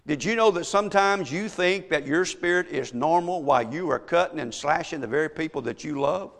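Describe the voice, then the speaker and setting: Brisk and fairly bright, this pastor's voice runs high for a man as he preaches forcefully from the pulpit. Strings of rhetorical questions press each point, and the sound rings with a long church-hall reverb.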